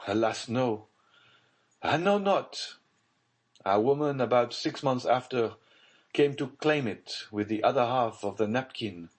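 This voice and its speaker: A man voicing a haunted aristocratic official in an audiobook, speaking in a grave, hushed, brooding tone. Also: mid-range voice, animated, measured pace, pitched above the performer's own voice. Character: haunted scheming nobleman, secretive and grave.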